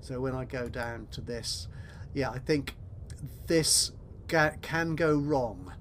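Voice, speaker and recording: A man's voice: mid-range voice, slow, fairly bright tone, slight background noise. A man casually commenting on a management game he is playing, rambling and correcting himself with wry asides. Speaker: let's play host.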